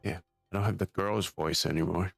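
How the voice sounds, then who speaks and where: A man's voice: sits low, steady tone, brisk, creaky, husky, no room sound, soft background music. A young man live-streaming a video game, chatting casually and reading the story's dialogue aloud, swearing offhandedly at his own slip-ups.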